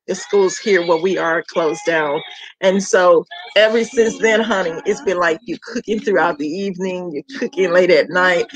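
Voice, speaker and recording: A middle-aged woman from Georgia with a Southern accent, hosting her food page in a warm, chatty welcome talk that repeats words for emphasis. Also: lowish voice, low-quality recording. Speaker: home cook and food page host. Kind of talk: casual heartfelt welcome chat.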